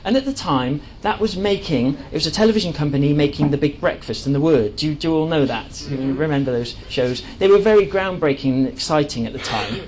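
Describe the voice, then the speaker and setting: A man's voice: fairly high pitch, animated, brisk, hardly any pauses, darkish tone, a little hiss or hum, rough recording. A man giving an enthusiastic presentation to a live audience, chatty and full of fillers and restarts. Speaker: speaker at a live talk.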